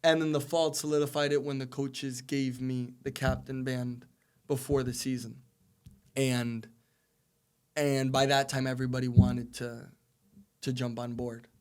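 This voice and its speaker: Young man in his twenties talking on a podcast, earnest and rambling as he tells a long story, his pitch staying close to one level throughout. His voice sits in an ordinary middle register, and he speaks as a guest answering a question. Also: flat delivery, measured pace, darkish tone, clear, resonant tone. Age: 20s. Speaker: podcast guest, soccer player. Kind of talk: casual interview storytelling.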